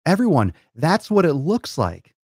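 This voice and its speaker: A man's voice: on the high side, huge pitch swings, a little slow, darkish tone, slightly rough, no echo, clean studio sound. A man hosting a fitness show, lecturing his viewers in a blunt, profane, fired-up rant. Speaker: fitness coach and show host. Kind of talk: ranting monologue to camera.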